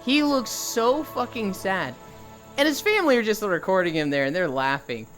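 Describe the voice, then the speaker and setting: Lively streamer telling stories mid-walk. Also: medium pitch, moderate pace, faint music behind. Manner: animated storyteller who swears casually; walking on a treadmill while talking. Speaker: live streamer. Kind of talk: casual chat with viewers.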